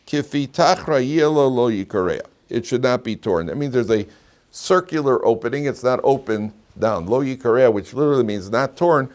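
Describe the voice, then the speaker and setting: Rabbi lecturing, repeating himself. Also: male voice, mid-range voice. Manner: repeats phrases while telling jokes and anecdotes. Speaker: rabbi teaching a weekly Torah class. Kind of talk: classroom lecture.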